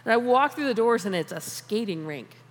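In a large hall with long reverb, a woman delivers a conversational sermon on prayer. Her voice is fairly high and expressive, a little fast, and she speaks informally, often restarting phrases and laughing.

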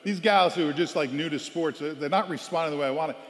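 A man giving a storytelling sermon as a guest speaker, animated and loudly acting out quoted lines. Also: a little high, fast. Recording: long hall reverb.

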